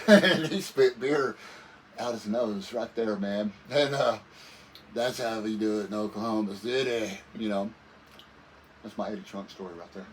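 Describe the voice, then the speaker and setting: A man's voice: lowish voice, moderate pace. A man guest musician telling stories casually in an interview, rambling and laid-back, often saying "man". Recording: voice a bit far from the mic with faint noise.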